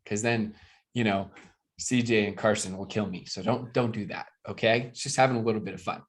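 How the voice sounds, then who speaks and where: A man from the United States giving an energetic, joking motivational sales training to a live video call audience, often asking his listeners questions. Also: lowish voice, brisk. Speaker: network marketing trainer.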